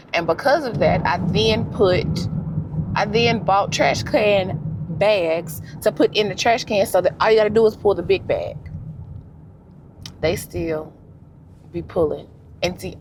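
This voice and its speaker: A young woman vlogging while driving, telling stories in a relaxed, slangy way. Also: mid-range voice, noisy background. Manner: animated storytelling with slang and laughs. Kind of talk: casual vlog chat. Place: in a car.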